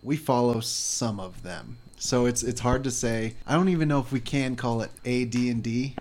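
A man's voice: mid-range voice, normal speed, background noise. A man running a casual tabletop game as game master, laid-back and giggly, rambling through the rules.

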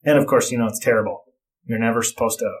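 A man's voice: medium pitch, steady tone, fast. A middle-aged man in casual chat, telling blunt, profane stories about parenting.

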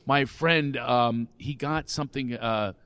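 A man from Philadelphia chatting on a podcast, an animated storyteller who acts out the people in his anecdotes. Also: mid-range voice, slow pace, dry recording. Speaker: comedian guest. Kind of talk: casual podcast chat.

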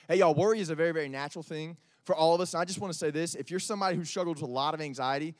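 A man's voice: fairly high pitch, racing, few pauses, no room sound, studio quality. A young man preaching a casual, joking youth sermon. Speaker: youth pastor.

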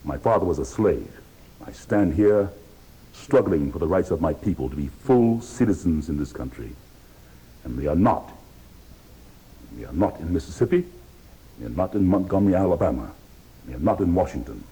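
A man in his fifties testifying at a hearing, defiant and oratorical, speaking with booming force. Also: lively intonation, moderate pace, pauses often, dark tone, husky, rough recording. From United States. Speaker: witness at a hearing.

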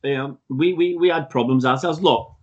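A man's voice: mid-range voice, moderate pace, highs cut off. A man, a podcast co-host, giving blunt and outspoken opinions in a casual football chat.

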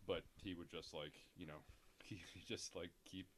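A man's voice: deep voice, steady tone, moderate pace, background noise. A man talking casually as a podcast guest, profane and rambling, laughing through his stories.

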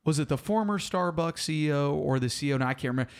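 A man joining a casual podcast chat as a guest friend, joking and telling stories in a lively way. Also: fairly high pitch, fast talker. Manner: lively storyteller, jokey.

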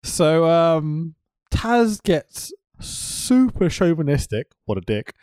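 Male podcast co-host, sweary, laughs a lot, lively pitch, dry close sound. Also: takes it slowly, clear, resonant tone, no room sound. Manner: laughs often, sweary, animated recapping. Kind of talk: casual wrestling recap chat.

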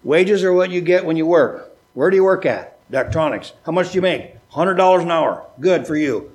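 Folksy preacher acting out dialogues. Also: male voice, animated, moderate pace, a little mellow, slightly rough. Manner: folksy, acts out dialogues with changing pitch. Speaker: pastor. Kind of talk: sermon. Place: church sanctuary.

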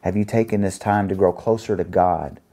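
A man's voice: deep voice, fairly even intonation, dark tone. Man preaching an earnest sermon. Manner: earnest, reads scripture aloud with pauses while finding pages.

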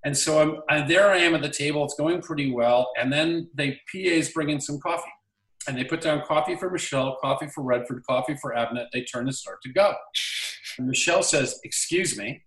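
Male actor guest, animated anecdote teller, roomy room sound, slightly off-mic. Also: a little high, brisk, distant mic. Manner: animated storyteller acting out quoted lines. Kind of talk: casual anecdote storytelling.

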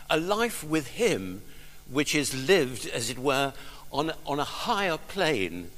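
A man preaching a sermon and leading prayer, speaking deliberately with pauses. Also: mid-range voice, sharp tone. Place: church. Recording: long church reverb.

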